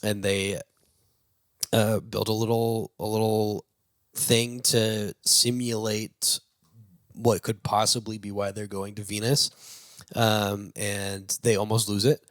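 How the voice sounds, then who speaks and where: A low-voiced man retells a movie plot casually, tripping over his words with plenty of fillers. He laughs every so often, and his voice sounds close and dry, with no room echo. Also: little pitch movement, takes it slowly. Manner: rambling, with many fillers and restarts; laughs while talking. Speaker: movie review show host.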